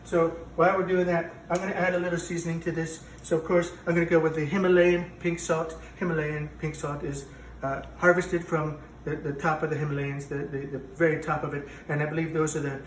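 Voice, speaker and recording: Talking fairly quickly with few pauses, this man has a slightly high, flat voice and a lightly acted manner. He plays a bragging president rambling through a cooking-show parody, contradicting himself in a home kitchen. A little hiss or hum comes through a distant mic in the echoey space.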